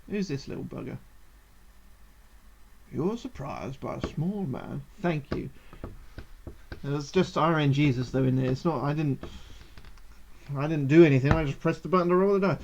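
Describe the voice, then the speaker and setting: A woman playing a game on a charity livestream, reading it aloud and reacting loudly with exclamations and swearing, on dull lo-fi stream audio. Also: sits low, normal speed, gravelly, pauses often, slight background noise.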